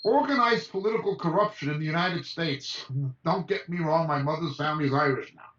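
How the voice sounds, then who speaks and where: Over a video call, a man teaching the Bible preaches emphatically in a high, slightly bright voice, rapidly listing names in an impassioned message. The sound is dull and echoey, as if he's sitting far from the mic.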